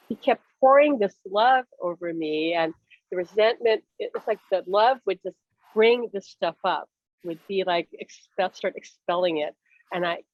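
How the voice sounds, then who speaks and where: A woman speaking as a spiritual medium in a casual talk, telling stories in a lively way and laughing often. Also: medium pitch, no room sound, highs cut off. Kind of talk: casual talk show chat.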